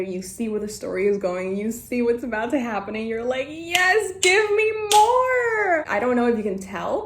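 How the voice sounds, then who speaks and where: A young woman book vlogger chatting casually to camera, gushing and excitable, often laughing. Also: mid-range voice. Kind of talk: casual vlog chat to camera.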